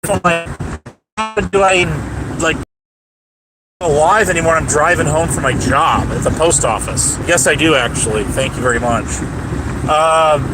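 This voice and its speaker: A man with a slightly high voice rambles on a livestream as he drives home, speaking at a measured pace with long pauses. He's profane and combative, full of fillers and restarts, and he taunts his viewers. The audio comes from a noisy car interior.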